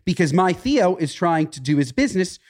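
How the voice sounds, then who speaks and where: Guy cohosting a podcast, kinda high voice, animated storyteller doing voices. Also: fairly quick. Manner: animated storyteller, voices the people in his stories. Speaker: podcast co-host. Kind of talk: casual chat.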